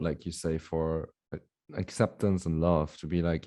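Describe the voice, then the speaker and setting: A male podcast host in relaxed interview talk, affirming his guest with frequent soft murmurs of agreement. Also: rumbling low, slow pace. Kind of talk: conversational interview.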